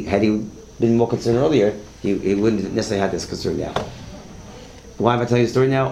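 An echoey room with faint background hiss holds a Torah class where the religious teacher speaks in a medium-pitched, creaky, slightly mellow voice. He tells stories conversationally, repeats words, and poses questions to the class.

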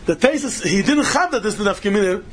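A man's voice: sits high, lively intonation, fast. A man giving a Talmud study lecture in a sing-song style, mixing in Yiddish and Hebrew terms and rising into questions. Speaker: Talmud teacher.

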